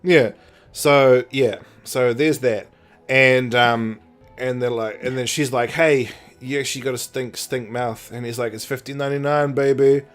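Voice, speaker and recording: A man's voice: medium pitch, fairly even intonation, unhurried, soft background music. A man co-hosting a podcast, animatedly retelling episodes and acting out characters in put-on voices. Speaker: podcast co-host. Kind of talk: casual chat.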